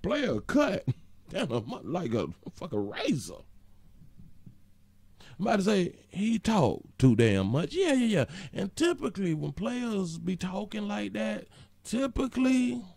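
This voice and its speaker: A man hosting reaction commentary in an animated, profane, preachy way. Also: high voice, unhurried, gravelly, slightly rough, no echo. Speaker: host.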